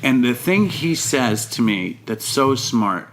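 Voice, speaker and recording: A man's voice: medium pitch, big pitch swings, takes it slowly, fairly bright tone, slight background noise. A man co-hosting a casual podcast, telling rambling, nervous stories and acting out other people's voices. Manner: nervous, rambling storyteller who acts out voices. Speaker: podcast co-host. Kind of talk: casual chat with comic impressions.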